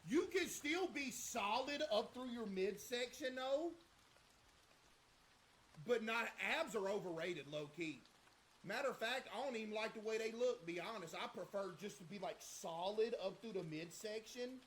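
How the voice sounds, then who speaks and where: A man's voice: high voice, expressive, moderate pace, slight background noise, poor audio. A young man livestreaming in casual chat, joking and bragging in loose slang.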